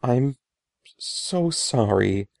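A man's voice: medium pitch, expressive, extremely slow, gravelly, darkish tone, dry recording, clean studio sound, heavily acted. A man voicing an old bearded sorcerer in a storybook, speaking in a trembling, pleading way. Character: old bearded male sorcerer, sorrowful and helpless.

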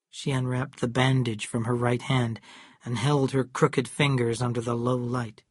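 A narrator reading a novel aloud in a steady, measured storytelling manner. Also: medium pitch, husky, dry recording, studio quality. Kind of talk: scripted audiobook narration.

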